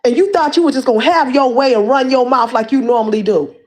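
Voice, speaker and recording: A woman hosting a livestream goes on a heated rant calling someone out, full of repeated words and restarts. Her voice is high-pitched with a darkish tone, and she speaks fast.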